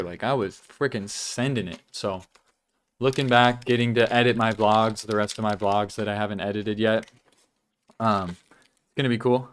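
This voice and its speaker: A young man rambles easily through his weekly vlog update. His voice is smooth and resonant, sitting at an ordinary middle pitch. He talks loosely and casually, with the odd swear word, while chewing gum. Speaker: vlog host.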